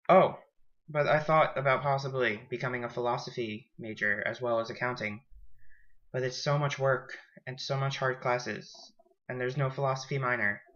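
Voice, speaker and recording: A man's voice: medium pitch, bright, forceful tone, lo-fi sound. A young man in college, chatting frankly and rambling through stories from his week in a casual vlog. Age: young adult. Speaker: college student vlogger.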